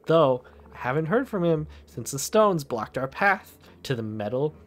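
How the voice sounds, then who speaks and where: A man's voice: fairly high pitch, sing-song, moderate pace. A man reading aloud the lines of a cheerful male cartoon mouse gardener, stumbling here and there. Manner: reads game dialogue aloud, stumbling now and then.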